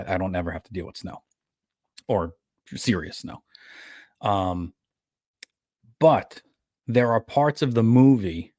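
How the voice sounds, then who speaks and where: A man with a New York accent speaks on a podcast in a loose, rambling way, often stopping and restarting his thoughts. His voice sits on the low side. The sound is close and dry, with no room echo. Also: a little mellow. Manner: rambling, self-correcting storyteller. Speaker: podcast co-host. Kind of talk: casual chat.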